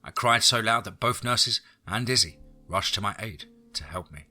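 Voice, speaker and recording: A man narrating a first-person horror story in a steady voice. His tone is husky and quite sharp, sitting a little low. Soft music plays faintly in the background. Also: normal speed.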